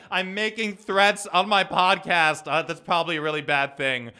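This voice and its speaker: A man's voice: high voice, steady tone, normal speed, hardly any pauses, pushed and bright. A young man hosting his own podcast, talking in a heated, profane, ranting monologue. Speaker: podcast host and comedian.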